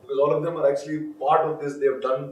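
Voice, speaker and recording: A man's voice: fairly high pitch, level tone, very fast, slight background noise. A man with an Indian English accent, hosting an interview and asking chatty questions. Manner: chatty, backchannels, mixes Telugu and English. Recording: echoey room, mic at a distance.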